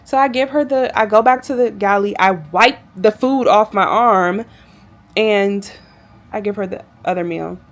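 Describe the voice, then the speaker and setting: Woman flight attendant vlogging, chatty and kinda exasperated, mid pitch voice. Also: measured pace. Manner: chatty, animated storytelling with exasperated asides. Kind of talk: casual storytelling vlog.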